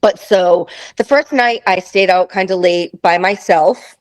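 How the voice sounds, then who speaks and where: A woman in her fifties, a guest, telling a travel story in casual chat, animated and laughing, acting out the voices of people in it. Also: on the low side, a little slow, poor audio. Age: 50s.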